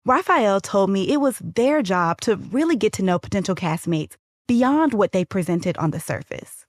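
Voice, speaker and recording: A woman hosting and narrating a documentary-style podcast in a measured, storytelling way. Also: mid-range voice, animated, no room sound, studio quality.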